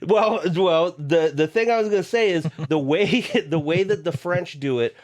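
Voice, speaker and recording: A man co-hosting a podcast, earnestly explaining a point in a halting way with restarts. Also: a little high, animated, a little mellow. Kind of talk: casual podcast chat.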